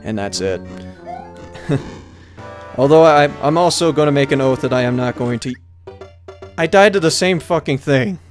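Lively, swearing man playing a video game. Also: medium pitch, moderate pace, pauses often, faint music behind. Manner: laughs often, swears, loud frustrated outbursts. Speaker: let's player. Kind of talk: casual gameplay commentary.

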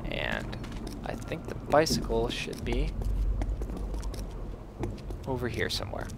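A man's voice: mid-range voice, huge pitch swings, takes it slowly, creaky, heavy background noise. A young man hosting a gameplay video, giving playful, self-mocking commentary as he plays.

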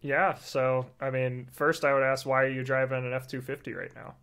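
A man co-hosting a podcast who explains things in a relaxed, casual way, with plenty of fillers. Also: medium pitch, normal speed, smooth. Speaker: podcast co-host. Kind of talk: casual chat.

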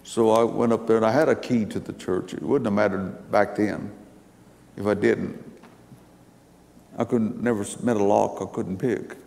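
An older man tells a personal story to an audience in a folksy, meandering way. His voice sits low and is gravelly, with a touch of fry. The sound carries a long reverb from a large hall. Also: steady tone, normal speed, a little mellow. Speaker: speaker giving a testimony.

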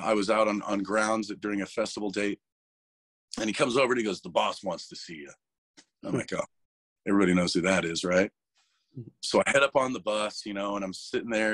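A lower-pitched man in a candid interview, with an emotional, rough-edged way of speaking. He swears freely and often stumbles over his words. The sound is dry and close. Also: a bit bright, dry recording. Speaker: interview guest, metal vocalist.

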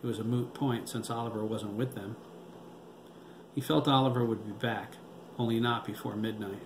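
A man narrating a novel aloud at a steady, even pace. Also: medium pitch, normal speed. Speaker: audiobook narrator. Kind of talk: novel reading. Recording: roomy with background noise.

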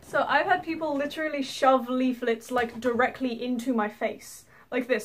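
High-voiced chatty woman. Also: steady tone, moderate pace, hardly any pauses. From England. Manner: chatty, rambling, lots of fillers and laughter. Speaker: vlogger. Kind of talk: casual storytelling to camera.

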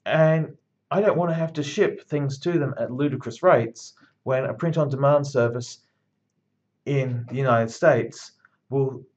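A man's voice: mid-range voice, lo-fi sound. A man giving a university lecture in a conversational, emphatic way, with blunt asides.

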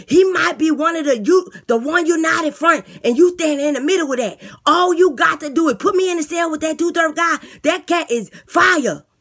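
A woman voicing a delusional, boastful male inmate blogger who talks with a lisp, loud and defensive. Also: sits high, pitched above the performer's own voice. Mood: pleading. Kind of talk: comedy skit character voice.

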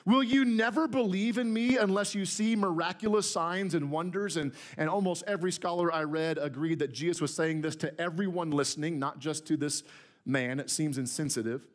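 A man's voice: a little high, fairly even intonation, normal speed. A man pastor preaching a conversational, emphatic sermon to his church. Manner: conversational, emphatic, repeats words when starting a phrase. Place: church sanctuary.

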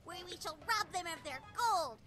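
A woman's voice: extremely high pitch, expressive, moderate pace, music in the background. A woman voicing a mischievous young filly in a fan-made cartoon, playing pirate with squeals and giggles. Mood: playful. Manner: bouncy pirate play-acting, shrieks and giggles. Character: mischievous young filly pony, chaotic and playful. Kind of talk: fan-animated cartoon dialogue.

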